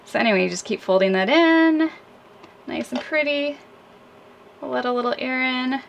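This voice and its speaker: A woman's voice: high-pitched, normal speed, gravelly, far from the mic, dull audio. A woman sailing vlogger chatting casually and self-deprecatingly while she cooks on a small boat. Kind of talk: casual cooking chat. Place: small sailboat cabin. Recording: noisy boat ambience.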